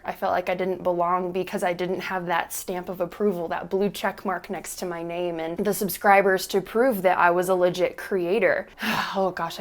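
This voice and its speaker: A young woman in her twenties speaks to camera at home in a heartfelt personal vlog. Her tone is earnest and open, with a casual "y'all" now and then, and a medium-pitched voice picked up by a camera mic. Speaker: YouTuber.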